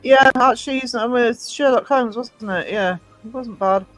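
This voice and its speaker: A man from Northeast England hosts a casual live stream with a notably high speaking voice. He chats loosely and reads out messages from his viewers. Soft music runs faintly underneath. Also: normal speed, no echo, poor audio. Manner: chatty, reads out and greets the chat. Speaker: livestream host.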